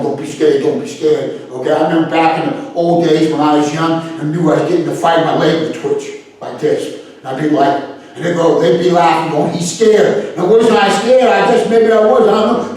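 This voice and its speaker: A blunt, animated man, middle-aged, talking as a self-defense instructor in a podcast monologue. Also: fairly high pitch. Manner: blunt, animated, swears freely. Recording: very echoey room, far from the mic.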